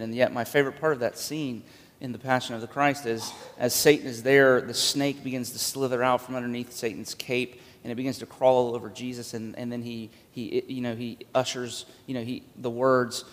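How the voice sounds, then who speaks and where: A man preaching a sermon in earnest, conversational style, now and then rising in pitch and force as he presses a point. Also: fairly bright tone. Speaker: pastor. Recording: long reverb of a large hall.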